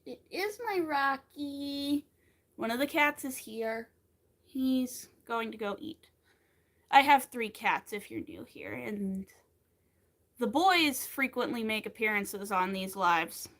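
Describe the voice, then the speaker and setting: A woman in her thirties, fairly high-voiced, keeps up a bright, chatty patter with her live-stream viewers while crocheting. She greets newcomers and talks between stitches in an easygoing, friendly way. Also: slow pace.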